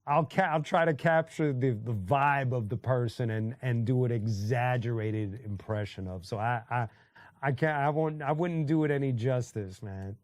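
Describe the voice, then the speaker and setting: A man's voice: mid-range voice, no room sound, clean studio sound. A man hosting a casual livestream, talking loosely with lots of fillers and restarts and greeting chatters by name. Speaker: livestream host reading chat. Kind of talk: casual chat.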